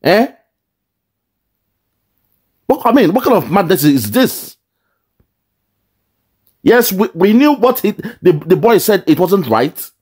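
A man's voice: high-pitched, darkish tone, husky. A man giving angry, emphatic commentary on a clip, stumbling and repeating words as he stresses his points.

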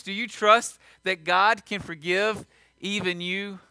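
A man preaching a sermon as pastor, fervent and swinging from loud emphasis to hushed appeals. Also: high-pitched, fairly even intonation, takes it slowly, clear, resonant tone, no room sound. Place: church.

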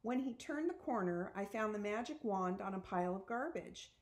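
A woman's voice: medium pitch, expressive, moderate pace. Woman reading a children's storybook. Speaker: storybook reader.

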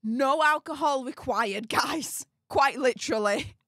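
A livestream host from England with a Yorkshire accent gushes thanks to viewers for their super chats, bubbly and exclamatory. Her voice sits high and a bit bright at a measured pace, captured in a dry, studio-quality recording.

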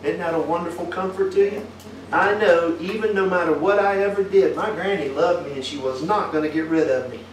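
Echoey preacher with a higher voice. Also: male voice, brisk, slight background noise. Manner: asks the congregation many tag questions. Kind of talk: folksy sermon to a congregation. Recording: echoey room picked up from a distance.

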